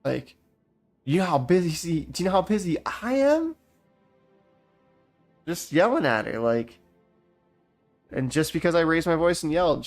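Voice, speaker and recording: Gravelly young man ranting. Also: mid-range voice. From Canada. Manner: rambling, profane, restarts often. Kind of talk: casual rant while gaming.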